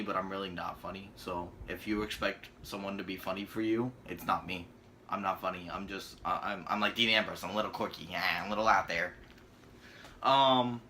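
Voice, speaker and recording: A man's voice: lowish voice, sharp tone, a little hiss or hum. A young man hosting his own channel, reviewing a show in a sarcastic, rambling, crude rant. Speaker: channel host, wrestling reviewer. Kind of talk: casual ranting video review.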